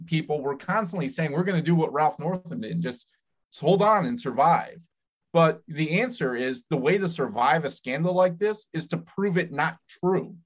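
A man who works as a political advisor, explaining in a measured way in a podcast conversation. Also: fairly high pitch. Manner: measured, explanatory, with frequent restarts.

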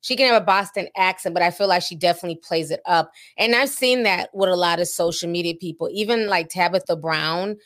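A woman's voice: fairly low pitch, fairly bright tone. A woman co-hosting a podcast, chatting casually with many fillers and reading a sponsor spot. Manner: chatty, drawn-out filler-heavy talk. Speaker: podcast co-host.

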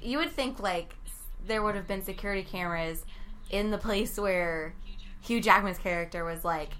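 Bright, animated American woman. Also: medium pitch, normal speed, a little hiss or hum. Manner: animated, skeptical, lots of "like". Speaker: podcast co-host. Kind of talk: casual movie discussion.

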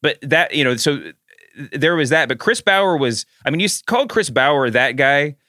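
In studio-quality audio with no echo, a Southern American man co-hosting a podcast talks in a slightly high, expressive, bright and forceful voice at a moderate pace. His casual chat comes in rambling bursts with frequent restarts.

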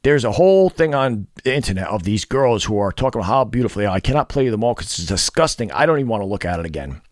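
A man's voice: on the low side, big pitch swings, quick pace, dry recording, studio quality. Blunt, profane male vlogger ranting. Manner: profane, scornful, lecturing. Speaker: fitness and dating vlogger.

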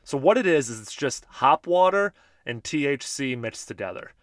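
A man's voice: mid-range voice, expressive, normal speed, dry recording. Laid-back male podcast host, dry close sound. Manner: laid-back, chatty, joking. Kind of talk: casual podcast talk reading listener voice memos.

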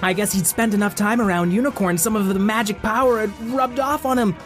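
A man hosting and improvising a children's story, playful and expressive, asking his young co-teller questions. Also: sits high, a little fast, faint music behind. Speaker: host and storyteller.

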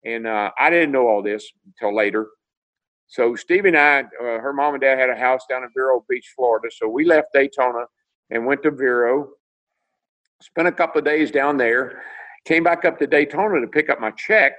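A man's voice: medium pitch, normal speed, poor audio. An older man from Tennessee, a former racing driver telling stories in a video-call interview and acting out the dialogue. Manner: animated storyteller, acts out dialogue.

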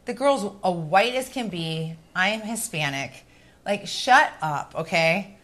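A woman's voice: fairly low pitch, expressive, measured pace, a bit bright. A woman co-hosting a podcast, talking in a chatty, emphatic, gossipy way. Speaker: co-host. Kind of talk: casual podcast chat.

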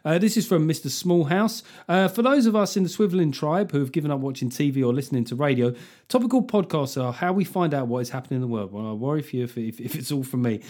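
A man's voice: fairly high pitch, lively intonation, quick pace, a little mellow. A middle-aged man hosting a podcast. He rants in a casual comic monologue, swears a lot and plays up mock outrage. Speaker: podcast host.

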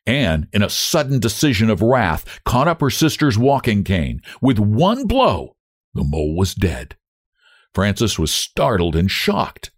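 A man reading a story aloud as narrator, in an expressive, dramatic manner. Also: on the low side, unhurried, dry recording, clean studio sound. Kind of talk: scripted narration.

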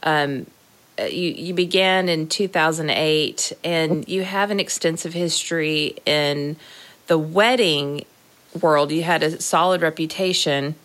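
A woman's voice: sits low, unhurried. A woman hosting a podcast interview, gushing with praise as she introduces her guest and asks questions. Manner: warm, gushing, reads an introduction with emphasis. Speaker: podcast host.

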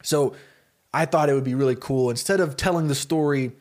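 A man co-hosting a podcast, telling a story in a loose, rambling, animated way with many fillers. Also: medium pitch, fairly quick. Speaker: podcast co-host. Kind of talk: casual storytelling pitch.

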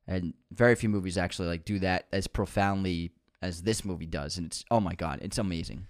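A man's voice: low voice, fairly quick, no echo, studio quality. A young man co-hosting a casual film podcast, gushing with enthusiasm and laughing often. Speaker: podcast co-host.

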